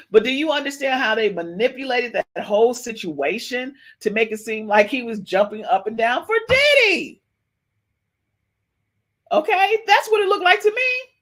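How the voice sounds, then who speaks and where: An excitable woman hosts a live podcast and speaks to her viewers in a slow, unhurried way. She circles back on her own words, repeating phrases as she reacts. Her pitch sits in a middle range. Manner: excitable, repeats herself, talks to chat. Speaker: podcast host. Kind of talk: livestream gossip commentary.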